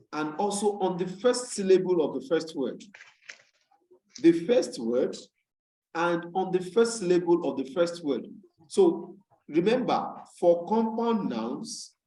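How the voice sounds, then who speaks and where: A man teaching over a video call, patiently repeating every key point as he explains. His voice sits a little high for a man. The call audio carries a roomy echo. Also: a little mellow. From Nigeria. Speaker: English tutor. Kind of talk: online class lecture.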